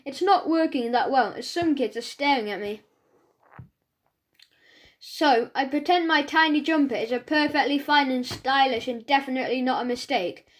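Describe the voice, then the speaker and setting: High-voiced woman narrating a children's audiobook. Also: moderate pace. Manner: chatty first-person storytelling as a schoolboy.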